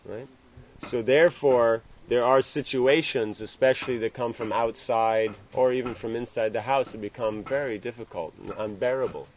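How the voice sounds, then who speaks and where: A man giving an informal scripture class. He speaks haltingly, restarting phrases and tagging lines with "you know". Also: mid-range voice. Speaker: religious teacher. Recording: dull lo-fi with faint ambient hiss.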